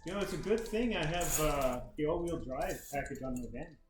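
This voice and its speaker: A man's voice: a little high, fairly quick, echoey room, over music. A man playing in a tabletop horror game, talking casually and saying aloud what his character does. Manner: relaxed, says his character's actions aloud. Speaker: player.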